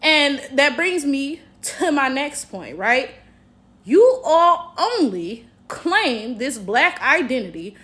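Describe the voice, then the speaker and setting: A chatty American woman talks straight to her viewers in a casual reaction vlog. Her voice sits a touch high, and her delivery is sassy and conversational. She keeps tossing rhetorical questions back at the audience. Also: fairly bright tone. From United States. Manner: frequent rhetorical "right?" checks. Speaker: commentary vlogger.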